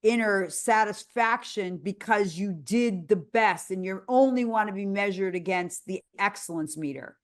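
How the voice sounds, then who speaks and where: A woman from Chicago hosts a casual podcast, backing up her guest with eager agreement and quick encouraging remarks. Her voice sits at an ordinary middle pitch for a woman. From Chicago, USA. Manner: affirming, eager agreement and short encouraging interjections. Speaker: podcast host.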